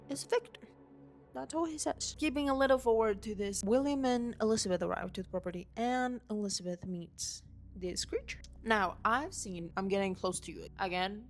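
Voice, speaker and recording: A young woman with a mid-range voice gushes through an unscripted rant, tumbling from one thought to the next and cursing casually. She talks into a handheld mic that she swings around at home, with faint music underneath. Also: mid-range voice. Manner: gushing, rambling, swears casually. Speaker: vlogger. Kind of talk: unscripted excited movie rant. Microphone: handheld mic waved around.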